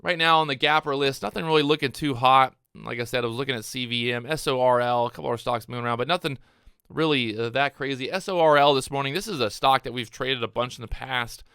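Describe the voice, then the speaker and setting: Bright, excitable man narrating trades. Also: medium pitch, fast talker, clean tone, no echo, studio quality. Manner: excitable, repeats phrases, talks to viewers. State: out of breath, hyped up. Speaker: day trader streaming his trades. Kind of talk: live trading commentary.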